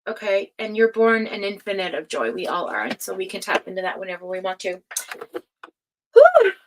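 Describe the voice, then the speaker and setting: A woman hosting a tarot reading livestream, talking casually and affectionately to viewers, with many fillers, sighs and soft laughs. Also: medium pitch, fast talker, a little hiss or hum, poor audio. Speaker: tarot reader and livestream host.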